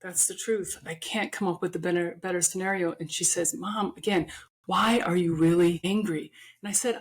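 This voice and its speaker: Middle-aged woman, podcast guest, slightly low voice, earnest and impassioned personal storytelling. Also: fairly even intonation, normal speed.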